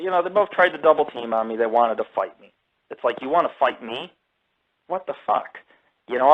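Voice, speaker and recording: A man's voice: mid-range voice, phone-quality sound. A man hosting a live radio show, telling a story in blunt, heavily profane casual talk. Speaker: radio show host and paranormal group founder.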